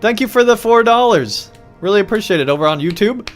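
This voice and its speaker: A young man streaming a video game live, excitable and laughing often, saying "like" a lot. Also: high voice, fairly quick, hardly any pauses, soft background music. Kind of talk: live gameplay commentary.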